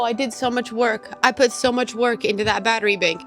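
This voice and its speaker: A woman's voice: a little high, fairly even intonation, normal speed, few pauses. Woman, vlogger, casual talk to camera, chatty, emotional, frequent laughs and gasps, outdoors by a truck, faint background music. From California. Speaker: vlogger living out of her vehicle. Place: in and around her truck, outdoors.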